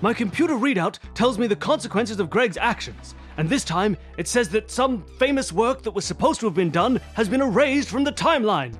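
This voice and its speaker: Brief: man as exasperated zany scientist, high and bouncy, hurried explaining. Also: animated, soft background music. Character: exasperated eccentric male scientist.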